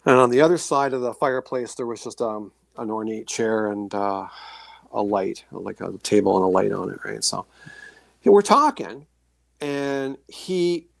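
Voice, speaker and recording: A man's voice: fairly low pitch, a little slow, vocal fry, dry recording. A middle-aged man recounts his experiences in a loose, rambling way, full of restarts. He slips into the voices and gasps of the people in his story. The sound is dry and close. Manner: rambling, animated storytelling with acted-out reactions. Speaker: guest, author and paranormal experiencer. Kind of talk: casual storytelling on a podcast.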